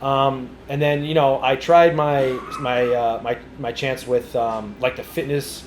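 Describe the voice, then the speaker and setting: A man's voice: mid-range voice, fairly even intonation, measured pace, reverberant, a little hiss or hum. A young man from New England, a podcast guest chatting casually, easygoing and self-deprecating, laughing often. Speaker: podcast guest, content creator. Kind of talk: casual interview chat.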